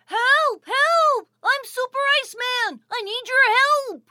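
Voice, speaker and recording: An eager little boy, acted by a woman, who bursts with cheerful exclamations. His voice is extremely high and very bright, and he speaks at an unhurried pace in a dry, close recording for a children's audio story. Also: no echo, full character voice. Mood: excited.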